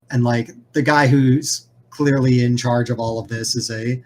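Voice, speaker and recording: A man's voice: medium pitch, fairly even intonation, unhurried, hardly any pauses, slight background noise. A man narrating a tabletop game as game master in a casual, rambling way with lots of filler words.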